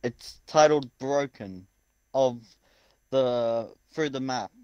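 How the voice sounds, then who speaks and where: A man's voice: mid-range voice, slow pace, a little mellow, clear, resonant tone, no echo, muffled recording. A man chatting casually as a co-player during a racing game, dry and teasing. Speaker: co-player in party chat. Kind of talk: casual gaming chat.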